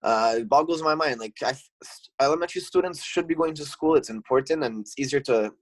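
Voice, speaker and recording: A man's voice: on the high side, brisk, dry recording, poor audio. Man, heated. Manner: heated, swears often, many restarts. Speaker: podcast guest, gym owner. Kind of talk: casual chat.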